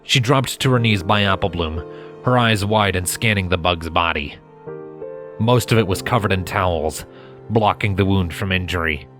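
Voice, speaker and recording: A man narrates a fan-written story in a low, steady voice. His delivery is measured and even, with faint background music underneath. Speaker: fanfiction reader.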